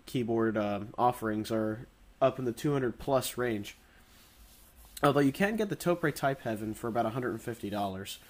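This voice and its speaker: A man with a nasal voice, getting over the flu, chatting casually through a keyboard review with frequent restarts and fillers. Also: mid-range voice.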